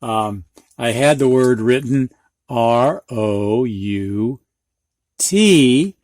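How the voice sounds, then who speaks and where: A man's voice: mid-range voice, drawn-out words, a little mellow, no room sound, studio quality. An older man teaching a reading lesson, patiently sounding out words and explaining them with everyday examples. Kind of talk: phonics lesson for students and teachers.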